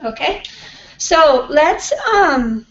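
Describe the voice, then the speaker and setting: A woman professor teaching pronunciation to a class, modelling sounds slowly and patiently. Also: high voice, lively intonation, a bit bright. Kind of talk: classroom lecture. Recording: far-off, echoey, dull classroom recording.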